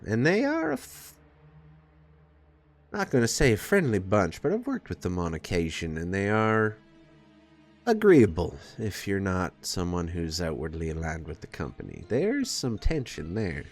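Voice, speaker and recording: A man's voice: sits low, huge pitch swings, unhurried, heavily acted. A man voicing a shrewd, guarded male character with a put-on American Southern accent in a tabletop game. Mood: wry. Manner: drawling, calls people sugar.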